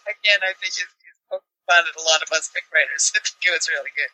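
Bright chatty woman. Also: fairly low pitch, normal speed, no echo, rough recording. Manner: chatty, laughing, fan commentary. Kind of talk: casual chat.

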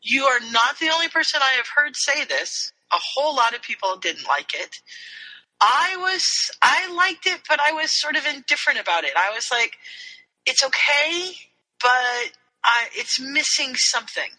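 Bright-voiced easygoing woman podcaster. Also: high-pitched, very animated, moderate pace, low-quality recording. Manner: chatty, easygoing, laughs often. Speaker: podcast co-host. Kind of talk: casual chat.

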